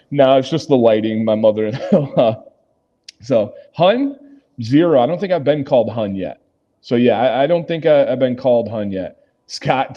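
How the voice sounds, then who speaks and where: Sitting in a hotel lobby, a man from Michigan runs a laid-back livestream, responding to chat and laughing a lot. He has a mellow, medium-pitched voice, and the audio is dull.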